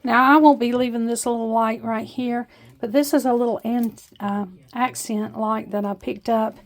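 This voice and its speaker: A woman with a voice on the high side, steady in tone and at normal speed, hosts a casual show-and-tell vlog in her home kitchen. She has an Appalachian accent and chats warmly about her decorations, often saying "uh."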